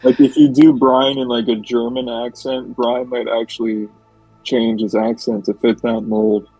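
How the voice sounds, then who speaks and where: Husky-voiced man rambling casually. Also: medium pitch, expressive, unhurried, mellow, no echo, faint music behind, poor audio. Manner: rambling, many "like" fillers. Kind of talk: casual group chat.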